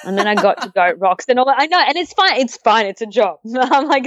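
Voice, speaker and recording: A woman with an Australian accent, chatting as an interview guest and telling lively stories with frequent laughter. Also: fairly high pitch, fairly quick, no room sound. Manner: animated storyteller, laughs often, acts out quotes. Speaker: interview guest, long-distance hiker. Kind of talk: casual interview chat.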